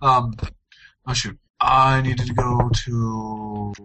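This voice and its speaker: A man co-hosting a casual podcast, playful and quick to laugh, redoing his intro lines. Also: medium pitch, little pitch movement, bright, forceful tone, low-quality recording. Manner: laughs often, playful, recording intros with retakes. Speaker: podcast co-host. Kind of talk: casual chat.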